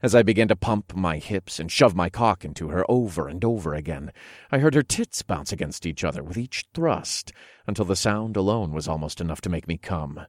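A man narrating an erotic story in the first person, in a low, hushed, unhurried way, recorded close and dry. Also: animated, dry recording.

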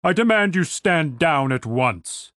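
A man's voice: fairly high pitch, sing-song, takes it slowly, fairly bright tone, no room sound, clean studio sound, exaggerated voice. A man voicing a stern older city guard who speaks in stiff, formal phrases. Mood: commanding.

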